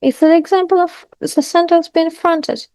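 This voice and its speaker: A woman's voice: extremely high pitch, steady tone, mellow, dry recording. A woman teaching an English lesson, reading out terms and example sentences with brief comments. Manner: reads vocabulary and example sentences aloud, pauses to comment. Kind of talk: language lesson.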